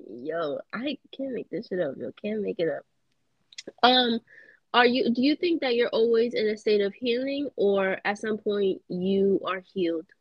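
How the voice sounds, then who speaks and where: A young woman co-hosting a podcast, chatting in a relaxed way, agreeing often and using casual slang. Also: mid-range voice, a little slow, no echo. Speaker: podcast co-host. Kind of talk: casual chat. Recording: dull lo-fi podcast audio.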